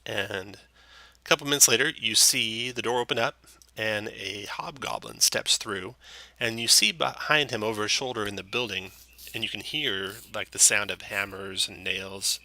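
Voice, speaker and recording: Gravelly-voiced man narrating a tabletop game. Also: fairly low pitch, normal speed, no room sound. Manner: relaxed, with frequent fillers. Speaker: dungeon master.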